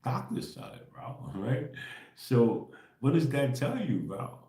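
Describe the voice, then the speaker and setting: A man's voice: medium pitch, sing-song, slow, warm tone, roomy sound. A man hosting a livestream, talking in a slangy, insistent way and tagging most points with a question. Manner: insistent, repetitive, keeps asking "right?"; slangy, profane, laughs between points. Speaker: livestream host. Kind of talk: casual spiritual rant.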